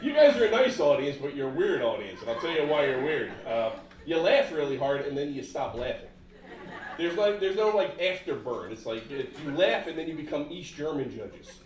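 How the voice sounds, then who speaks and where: A man's voice: a little high, very animated, moderate pace. A middle-aged man doing a stand-up comedy set, punchy and exaggerated, putting on voices for his family. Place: comedy club stage with live audience. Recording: roomy club sound from a distance, audience laughter.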